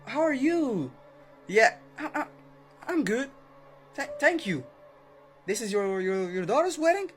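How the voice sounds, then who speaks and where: A man's voice: extremely high pitch, big pitch swings, measured pace, pauses often, fairly bright tone, soft background music, pitched above the performer's own voice, exaggerated voice. A man doing a stammering nervous young woman. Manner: stammering, hesitant.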